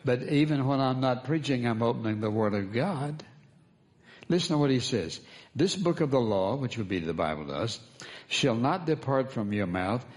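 A man's voice: mid-range voice, a little mellow. A man as pastor, preaching a sermon, calling for responses from the congregation and repeating key phrases for emphasis.

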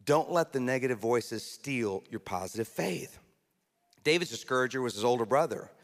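A man preaching a sermon as a pastor, lively and conversational, often slipping into mock voices and asides. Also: medium pitch, normal speed. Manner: animated, acts out mocking voices, conversational asides. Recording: long hall reverb.

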